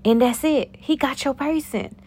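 A young woman giving a casual, preachy talk of faith encouragement to her viewers, animated and calling them honey and sugar plum. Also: sits high, normal speed. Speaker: faith-based encourager and YouTuber.

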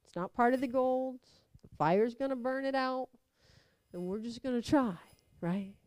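A woman giving a conversational sermon, telling stories with lively acted-out quotes. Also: a little high, normal speed, dry recording. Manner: animated storytelling, acts out quotes. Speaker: preacher.

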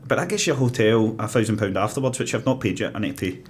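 A man's voice: fairly low pitch, lively intonation, fast talker, a little hiss or hum. A young Scottish man co-hosting a podcast, joking about himself and swearing casually. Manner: laughing, self-deprecating, sweary. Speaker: podcast co-host. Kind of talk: casual banter.

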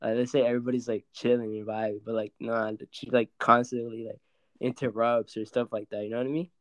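A man's voice: mid-range voice, little pitch movement, quick pace, no echo. A young man co-hosting a podcast in loose, profane casual chat, full of filler words. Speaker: podcast co-host.

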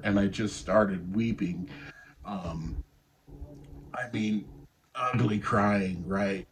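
A man in his forties telling a personal faith story in a halting, tender way, with many pauses and fillers. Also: fairly low pitch, a little hiss or hum, poor audio. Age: 40s. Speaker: guest sharing a faith story. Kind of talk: personal testimony.

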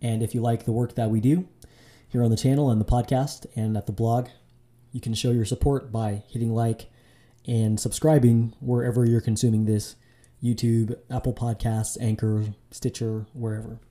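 A man's voice: mid-range voice, level tone, normal speed, mellow. A man hosting his own podcast, talking solo in a casual, loose way, with fillers and restarts. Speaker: podcast host.

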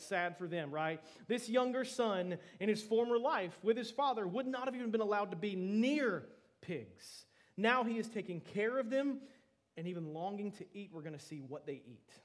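A young adult man, a pastor, preaching a sermon in an earnest, emphatic way and often saying "man" to his church. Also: sits high.

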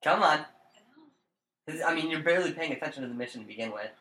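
A young podcast co-host with a fairly high, bright voice speaks quickly and forcefully with lots of animation. Throughout the casual gaming episode he mocks his friend, swears freely, and keeps challenging him, against slight background noise and a roomy echo.

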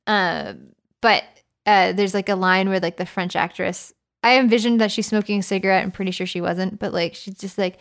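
A woman's voice: medium pitch, fairly even intonation, normal speed. Woman cohost chatting on a podcast, goofy, telling stories and joking around, mid-range voice. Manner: playful, jokey storyteller who slips into mock accents. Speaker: podcast co-host. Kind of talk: casual chat.

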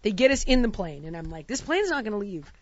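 A woman's voice: quick pace, dry recording, highs cut off. A woman hosting a casual talk show, telling a travel mishap story and acting out every quote with big swings of voice. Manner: animated, acts out quotes with big pitch jumps and shouts. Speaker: podcast host.

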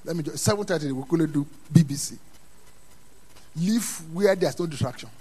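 A man preaching a sermon in a church, dropping to quiet asides and then rising to loud, emphatic calls. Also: on the high side, moderate pace, slightly rough. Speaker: pastor.

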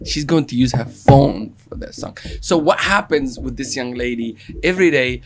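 A man hosting a lively chat show from a Dubai studio, playful and laughing with his co-host. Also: mid-range voice, normal speed, crowd noise. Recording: music playing behind.

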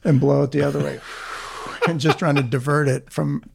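Gravelly-voiced man telling a funny story. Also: fairly high pitch, moderate pace, slight background noise. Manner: animated anecdote teller, quotes people, laughs at himself. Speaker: orthopedic surgeon guest. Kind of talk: casual storytelling.

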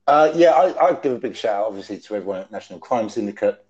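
A man's voice: lowish voice, animated, fast talker, darkish tone. An English man joining a podcast remotely, talking in earnest, hesitant casual chat and often restarting his phrases. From England. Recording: dull lo-fi call audio.

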